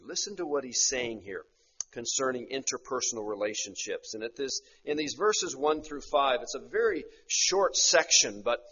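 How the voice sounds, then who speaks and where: A man preaching an expository sermon, slowing on key phrases and often tagging rhetorical questions onto his points. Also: mid-range voice, fairly bright tone, slightly rough. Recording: muffled lo-fi recording.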